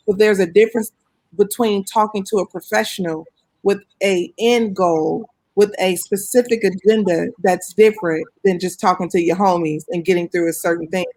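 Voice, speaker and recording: A woman hosting a casual panel talk, telling lively stories and acting out dialogue with sudden jumps in pitch. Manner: animated storytelling, acts out dialogue with big pitch jumps. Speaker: host. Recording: remote call audio.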